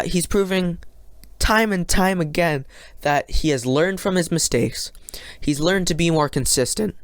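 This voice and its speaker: A solo podcast host reviews a race in a loose, excitable ramble that keeps tipping into rants. The voice is smooth and clean, and it sits at an ordinary middle pitch. The sound is close and dry, with no room around it. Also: dry recording. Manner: frequent fillers and restarts.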